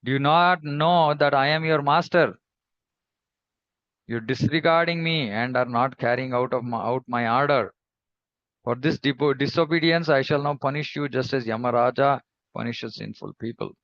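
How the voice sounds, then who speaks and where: A man's voice: fairly low pitch, steady tone, brisk, vocal fry, dull audio. A man voicing an angry, proud king who scolds his carrier in a commanding tone, read aloud within a scripture class. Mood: scolding.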